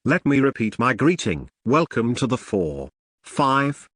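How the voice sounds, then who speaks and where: A man's voice: mid-range voice, sing-song, a little slow, a bit bright, no room sound, clean studio sound. A man voicing an awkward, apologetic middle-aged king in an audiobook, speaking in formal, hesitant greetings.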